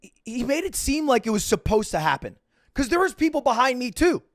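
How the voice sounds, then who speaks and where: A man's voice: very high voice, sing-song, brisk, dry recording, studio quality. A man streaming, telling a rambling, self-mocking story full of swearing and restarts. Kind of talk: casual storytelling to stream chat.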